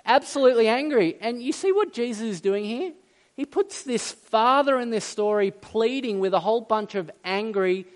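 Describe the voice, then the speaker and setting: A man preaching a sermon in a conversational, emphatic way, with asides and a little self-deprecating humor. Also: high voice. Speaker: pastor.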